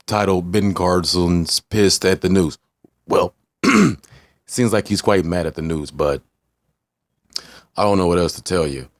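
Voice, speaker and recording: Man, very low voice, dry close sound, rambling casual vlog, profane. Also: dry recording. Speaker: vlogger.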